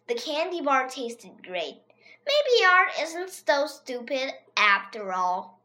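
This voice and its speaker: A child reading a funny children's story aloud in a lively, expressive way. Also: sits high, takes it slowly. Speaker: reader.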